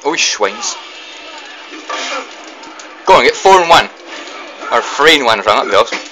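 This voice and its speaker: Young bloke yelling along at a game, voice jumping all over, lots of oh gods. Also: male voice, mid-range voice, normal speed, faint music behind, low-quality recording. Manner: excitable, blurts reactions and mild swearing. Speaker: gaming commentator. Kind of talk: let's play commentary.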